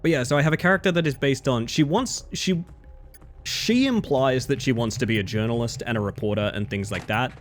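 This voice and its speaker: A man's voice: mid-range voice, lively intonation, brisk, faint music behind. A man streaming live, talking in a loose, rambling way and filling gaps with "like" and "you know". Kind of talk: casual live-stream chat.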